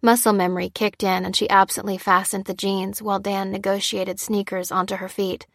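A woman narrating an audiobook in a steady, even storytelling manner. Her voice sits at a middle pitch, and the recording is dry and close with no room sound. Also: a little fast, vocal fry, dry recording. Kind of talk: scripted narration.

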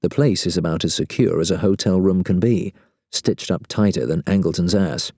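A man narrating a first-person story in a wry, deadpan way. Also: deep voice, moderate pace, breathy edge, no echo, studio quality.

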